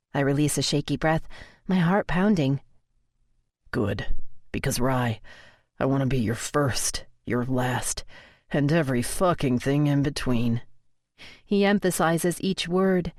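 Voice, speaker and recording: A woman's voice: on the low side, darkish tone, no room sound, studio quality. A woman reading a first-person romance audiobook in an intimate, emotional manner. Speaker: audiobook narrator.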